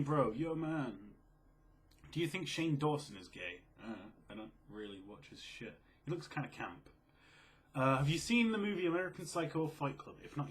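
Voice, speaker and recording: A quiet, low-key young man in casual chat, reading out and answering viewer questions. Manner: quiet, low-key, self-described mellow and sleepy.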